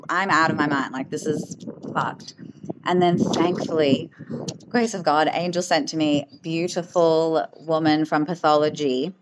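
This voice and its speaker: A woman hosting a podcast, telling personal stories in an emotional, animated way, full of fillers. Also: low voice, moderate pace, very noisy. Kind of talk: casual storytelling.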